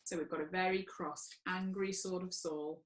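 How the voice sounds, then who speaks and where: Woman, children's group leader, gentle, playful, storytelling for toddlers. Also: fairly low pitch, fairly even intonation, normal speed, low-quality recording. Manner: gentle, playful talk aimed at small children. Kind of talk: online toddler craft and story session.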